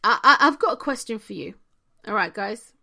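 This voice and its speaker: A woman's voice: mid-range voice, expressive, normal speed, gravelly, pushed and bright. A woman giving a motivational talk to her viewers, repeating key phrases with emphasis and sometimes dropping almost to a whisper. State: hiccuping. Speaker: spiritual coach.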